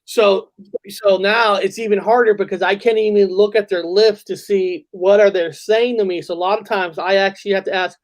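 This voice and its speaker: A hard-of-hearing man hosts a casual chat. He sounds earnest and talks haltingly, restarting his sentences again and again. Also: high voice, steady tone, poor audio. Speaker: host.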